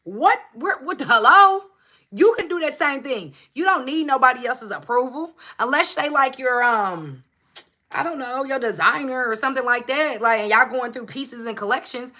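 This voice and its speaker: Woman, motivational livestream host, bright forceful voice, passionate, repeats for emphasis, swears a lot, phone mic at home. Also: sits high, lively intonation, moderate pace. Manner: emphatic and repetitive. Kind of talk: casual livestream pep talk. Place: at home under a hot light.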